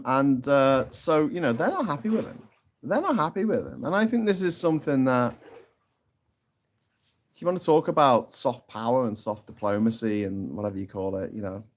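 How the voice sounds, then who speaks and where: A middle-aged British man hosting a casual live stream, reading chat comments and making mocking jokes. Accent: British English. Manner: chatty, mocking, jumps into high squeaky voices for caricatures.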